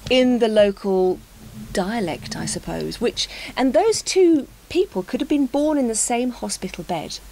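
A woman's voice: fairly high pitch, expressive, a little slow, gravelly, mellow, rough recording. A woman from the UK talking in an unscripted conversation for English learners, thoughtful and hesitant, with fillers and repeated words. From United Kingdom. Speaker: speaker in an English-learning talk.

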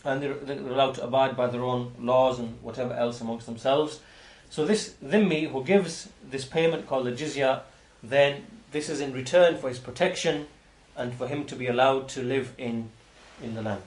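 Man teaching with a roomy echo. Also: mid-range voice. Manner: halting, frequent restarts and repeated words. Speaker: religious teacher. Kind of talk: explanatory lecture on hadith.

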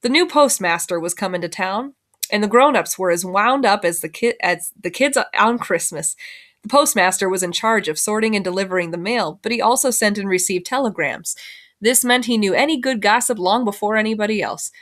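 A woman's voice: mid-range voice, a little fast. Woman reading a novel aloud. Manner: expressive, voices the characters. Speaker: teacher reading to students.

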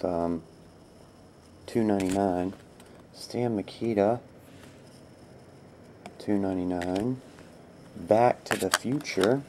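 A man casually calling out cards as he opens packs, rambling and easily excited, with a laugh here and there. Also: on the low side, a little hiss or hum. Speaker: card break host. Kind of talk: casual card-opening commentary.

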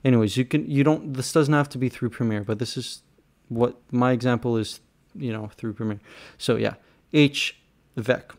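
Young-sounding guy, mid pitch, casual tutorial host, talks straight to viewers, slightly exasperated. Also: moderate pace, few pauses, a little mellow. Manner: frustrated, rambling, talks to viewers directly. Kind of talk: casual screen-recorded tutorial.

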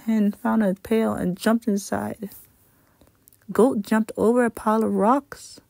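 A woman reading a children's picture book aloud in a gentle, unhurried storytime voice. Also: a little high, steady tone, gravelly, dry recording.

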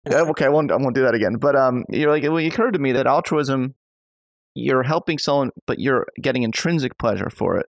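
Gravelly-voiced male podcast host. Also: mid-range voice, a little fast, no echo. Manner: enthusiastic, thinks aloud with many fillers. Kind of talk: conversational interview.

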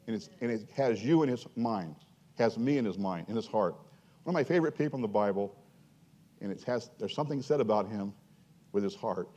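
A male pastor preaching a sermon in an earnest, animated way, often repeating himself and building to emphatic points. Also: medium pitch, fairly quick, slightly rough.

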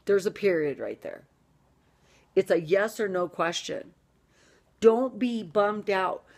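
A middle-aged American woman delivering a fired-up vlog rant, emphatic and swinging between loud punches and hushed asides. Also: medium pitch, slow. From United States. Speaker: vlogger. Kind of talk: ranting vlog monologue.

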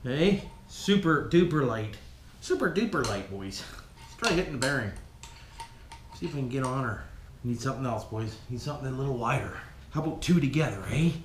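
A man's voice: medium pitch, lively intonation, fairly quick, pauses often, noisy background. Folksy, swearing man in an echoey workshop. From Canada. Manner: folksy, swears a lot, keeps calling viewers "boys". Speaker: vlog host rebuilding an engine. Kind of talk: casual workshop vlog. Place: home workshop, working with tools. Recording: echoey room with loud tool clatter.

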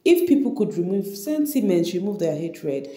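A woman gossip vlogger talking casually to her viewers about a reality show, chatty and quick to laugh. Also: lowish voice, big pitch swings, warm tone. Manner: chatty, laughs often, addresses viewers directly. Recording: echoey room.

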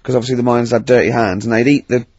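A man's voice: mid-range voice, flat delivery, rapid-fire, darkish tone, husky, no echo, muffled recording. A man co-hosting a comedy radio chat, laughing and teasing. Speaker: radio co-host.

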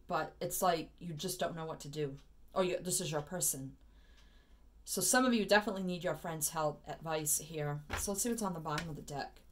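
A woman doing a casual tarot reading, chatty and loose, full of fillers and easy laughs. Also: fairly low pitch. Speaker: tarot reader.

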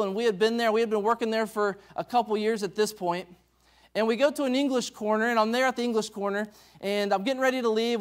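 A man, a missionary pastor, telling stories in a conference sermon, acting out the dialogue with many restarts. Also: sits high. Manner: animated storytelling, acts out dialogue, many restarts. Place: church sanctuary.

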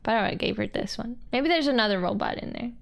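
A woman's voice: on the high side, fairly quick, gravelly. A young woman streamer giving playful, casual commentary on a game and chatting with her viewers. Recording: faint game music behind.

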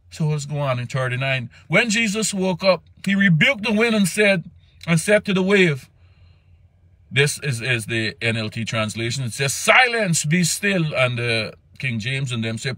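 A man preaching a sermon with fervor, his voice climbing high when he acts out desperate pleas. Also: a little slow, a bit bright, no room sound.

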